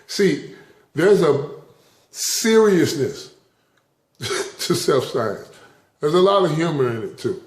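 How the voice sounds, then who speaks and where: A man's voice: on the high side, very animated, drawn-out words, pauses often, noisy background. A man giving a rambling, casual spiritual talk to camera, chuckling often between phrases. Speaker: vlogger. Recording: roomy echo.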